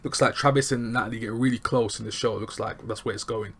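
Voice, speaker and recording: A man with casually recapping a TV episode, animated and chatty, acting out lines from scenes. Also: medium pitch, fast, husky. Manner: animated, chatty, acts out quotes. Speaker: TV show reviewer.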